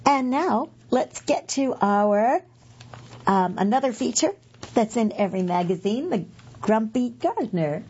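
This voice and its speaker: A woman's voice: on the high side, expressive, measured pace, darkish tone, slightly rough, highs cut off. A middle-aged woman reading magazine pieces aloud for a podcast, chatty and correcting herself with asides.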